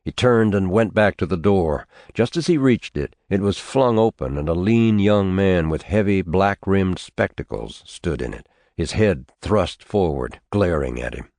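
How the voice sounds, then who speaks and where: A man reading an audiobook in a steady, measured narration. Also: low voice, dry recording, studio quality. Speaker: audiobook reader. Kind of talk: scripted narration.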